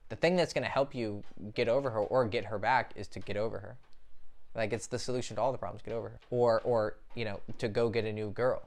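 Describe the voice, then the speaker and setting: A man's voice: on the low side, steady tone, quick pace, a little mellow. A young man giving dating advice as a coach, blunt and profane, talking straight to the viewer in a casual monologue.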